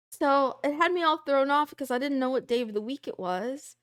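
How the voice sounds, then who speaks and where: A woman's voice: sits high, a bit bright, no echo, studio quality. A young adult woman streamer chatting casually and playfully with her live chat, rambling from topic to topic. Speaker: VTuber streamer.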